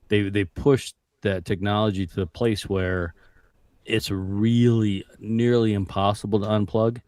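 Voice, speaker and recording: A man on a casual online panel with a somewhat low voice. He talks in a blunt, matter-of-fact way. The sound is dry and close to the mic. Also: little pitch movement, unhurried, darkish tone, no echo. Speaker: panel guest.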